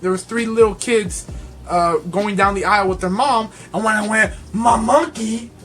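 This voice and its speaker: Excitable young man telling a story. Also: high voice, moderate pace, soft background music. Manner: rambling and excitable, laughs often. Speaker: toy collector reviewer. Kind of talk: casual vlog storytelling.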